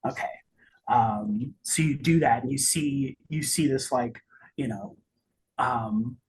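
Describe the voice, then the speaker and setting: A game master narrating a tabletop game in a halting way, with many restarts and fillers. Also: medium pitch, darkish tone, slight background noise.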